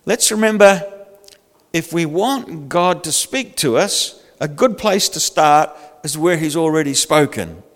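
An older man preaching a sermon in a lively, humorous, conversational way. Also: fairly high pitch, unhurried, in a large hall. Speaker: pastor.

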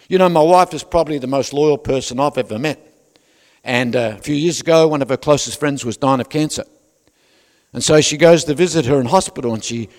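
A man's voice: a little high, a little mellow. A man preaching a sermon, conversational with joking asides to the congregation. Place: large church hall. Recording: long reverb of a large hall.

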